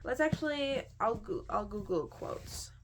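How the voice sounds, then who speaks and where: A woman's voice: a little high, big pitch swings, a little slow. A young woman in a casual book review chat, gushing and chatty, filling her talk with "like". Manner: gushing, chatty, heavy use of "like".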